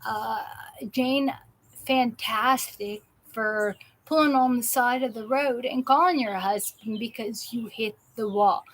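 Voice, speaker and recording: A woman's voice: on the high side, slow pace, slight background noise, rough recording. A woman hosting a live show, chatting casually and rambling with many restarts and fillers. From South Jersey. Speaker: host of a live patient show. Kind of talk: casual live-stream chat.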